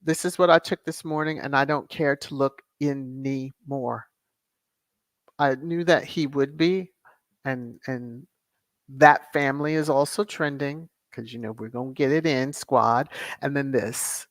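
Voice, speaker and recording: A woman's voice: very deep voice, a little slow, no echo. A woman hosting her own commentary channel, talking casually to viewers with sassy, exasperated asides.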